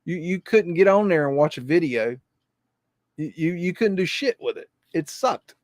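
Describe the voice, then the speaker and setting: A man hosts a live podcast and rambles, repeating himself and swearing freely. His voice sits a bit high. The sound is dry and close. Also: lively intonation, moderate pace, no echo. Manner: rambling, repetitive, profane. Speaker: podcast host.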